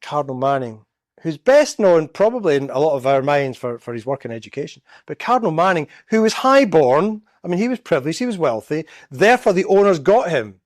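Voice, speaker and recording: A man's voice: a little high, very animated, a little fast, dry recording, studio quality. A man from Scotland, giving a storytelling public talk as a guest speaker in a church. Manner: storytelling, acts out quoted voices.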